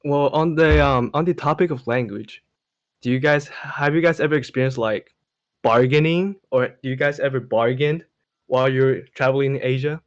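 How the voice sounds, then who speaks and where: A man moderates a casual podcast, giving short replies and putting questions to the group. His pitch is average. The audio sounds dull and lo-fi. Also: normal speed. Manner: prompting questions, brief replies. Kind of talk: casual chat.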